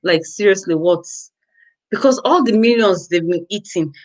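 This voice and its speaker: A woman's voice: mid-range voice, moderate pace, rough recording. A Nigerian woman vlogging to her viewers, ranting in an exasperated, exclamatory way, with lots of repetition. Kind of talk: casual ranting commentary to viewers.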